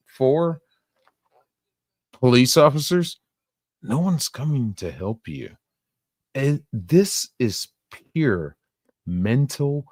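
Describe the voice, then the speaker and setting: A man's voice: fairly low pitch, no room sound, clean studio sound. A man hosting a live stream, reacting in a profane, rambling way and laughing often.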